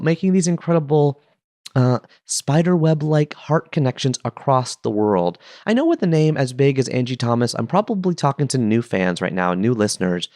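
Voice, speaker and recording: A man's voice: medium pitch, sing-song, moderate pace, a little mellow, no echo. A man hosting a podcast, chatting enthusiastically with playful asides into a close mic. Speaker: podcast host. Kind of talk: casual podcast monologue.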